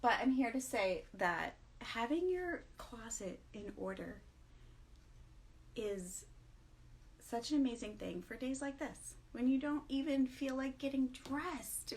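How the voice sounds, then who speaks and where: A tired middle-aged woman talks straight to camera in a casual morning vlog. Her voice sits a little high, and she stays chatty and self-mocking, breaking into laughs often. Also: animated, a little slow. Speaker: vlog host.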